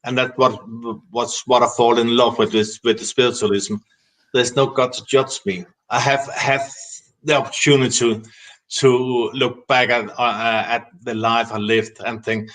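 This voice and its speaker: A man reflecting on his beliefs as a guest in a casual talk. His delivery is halting and full of hesitations, and his pitch stays fairly flat and steady. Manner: halting, many fillers and restarts, reflective. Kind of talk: casual spiritual discussion.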